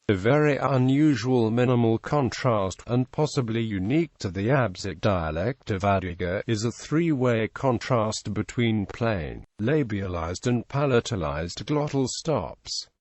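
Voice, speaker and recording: Synthetic low man reading flatly. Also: no echo. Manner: flat mechanical reading with odd pronunciations. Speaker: narrator. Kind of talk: text-to-speech reading of an encyclopedia article.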